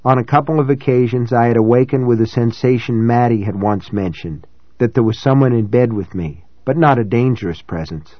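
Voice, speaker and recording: This first-person novel is narrated by a man with a mid-range voice, working as an audiobook narrator, who sounds calm and reflective. The pacing is measured and even; the audio is close-miked, dry and a bit dull, without any room sound.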